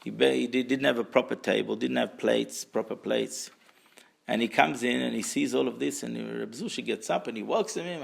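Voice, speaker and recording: Male Torah teacher with a fry-edged, mid-pitched voice; animated classroom storyteller who quizzes the room and drops in Hebrew terms. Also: brisk. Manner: animated, asks the audience questions, repeats words while searching; mixes in Hebrew and Aramaic terms.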